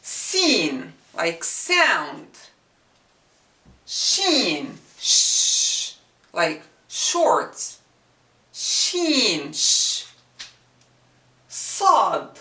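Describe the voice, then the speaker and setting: A woman teaching the sounds of a script in a language lesson, slowly repeating each sound to demonstrate it. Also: high-pitched, very animated, pushed and bright. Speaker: Arabic teacher. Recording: echoey room, mic at a distance.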